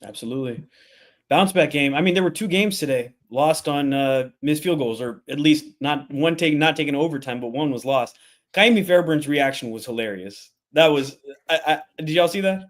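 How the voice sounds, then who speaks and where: A man's voice: on the high side, brisk. A man co-hosting a sports podcast, chatting casually and animatedly, laughing often and giving blunt opinions. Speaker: podcast co-host.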